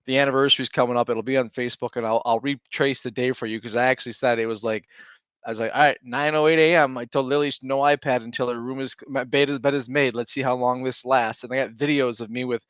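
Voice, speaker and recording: A man's voice: mid-range voice, fairly even intonation, fast talker, fairly bright tone, no room sound, highs cut off. A man in his thirties, a stay-at-home dad co-hosting a podcast, telling a long rambling story in casual chat with restarts and laughs.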